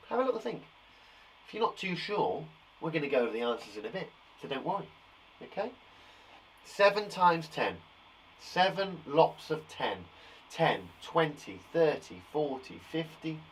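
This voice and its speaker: A man's voice: medium pitch, sing-song, moderate pace, long pauses, a little hiss or hum, rough recording. A man teaching young children maths in a chatty, reassuring live lesson. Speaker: primary school teacher.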